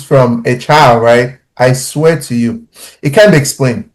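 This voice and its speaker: Animated man telling personal stories. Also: medium pitch, measured pace, rough recording. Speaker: father on a podcast panel. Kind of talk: casual podcast discussion.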